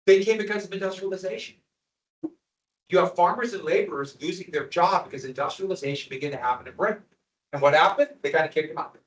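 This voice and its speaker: A man teaching a history lecture to a class, animated and quizzing students as he goes. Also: fairly high pitch. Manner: animated, asks the class questions. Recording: echoey classroom from far off.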